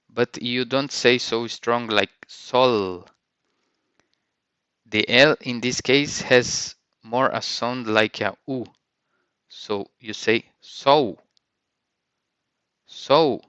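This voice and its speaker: A male language teacher talks through a vocabulary lesson, speaking each word and then repeating it with care. His voice is bright and forceful, and it sounds dry and close. The recording itself is dull and slightly lo-fi. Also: mid-range voice, clean tone, dry recording. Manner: says each word and repeats it, careful pronunciation.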